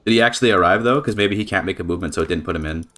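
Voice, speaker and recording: Excitable young man rambling over gameplay. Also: sits low, very fast. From Canada. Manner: rambling, excitable, swears and laughs often. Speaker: strategy game streamer. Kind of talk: casual gameplay commentary.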